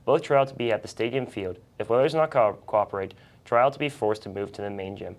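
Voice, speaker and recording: A teenage co-host reads school announcements at a brisk clip. The voice sits mid-range and stays steady and even. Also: medium pitch. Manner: fast, steady reading. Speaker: student news co-host.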